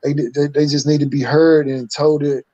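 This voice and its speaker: A man's voice: fairly high pitch, little pitch movement, moderate pace, mellow, no echo, lo-fi sound. A man in his fifties, a guest telling his life story candidly in a rambling, casual way. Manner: candid, rambling, street-talking with repeated "like".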